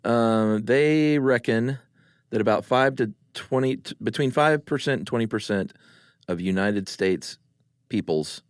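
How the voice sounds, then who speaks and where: A man's voice: medium pitch, measured pace, clear, resonant tone, no echo, studio quality. A man, co-hosting a podcast in casual chat and telling rambling, jokey stories. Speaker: podcast co-host.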